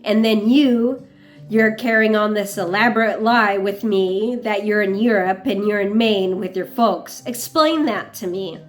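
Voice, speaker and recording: A woman's voice: mid-range voice, unhurried, faint music behind, natural voice. A woman voicing an indignant young woman who presses her lover with pointed, sarcastic questions. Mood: accusing.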